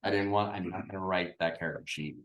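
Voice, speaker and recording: A man's voice: low-pitched, steady tone, fast talker, fairly bright tone. A man running a tabletop game as game master, explaining plainly in casual chat with some swearing. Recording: echoey room.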